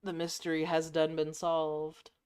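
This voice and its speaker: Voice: mid-range voice, monotone, measured pace, darkish tone, clean tone. A streamer from the United States talking casually while playing, laid-back, sheepish and slangy. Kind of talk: casual game stream talk.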